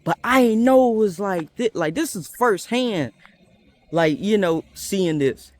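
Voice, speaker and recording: A man telling a school story in a casual storytime. He is animated and slangy and laughs often. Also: high voice, measured pace. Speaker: storyteller vlogger.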